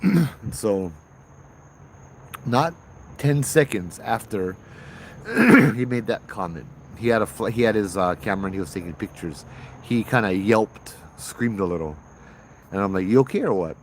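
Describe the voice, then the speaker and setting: Man, livestream ghost storyteller, relaxed and chatty, outdoors at night, faint background noise. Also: lowish voice, measured pace, pauses often. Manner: relaxed, chatty, laughs often, greets chat viewers. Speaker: ghost-story livestream host and former tour guide. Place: outdoors at night with bugs around.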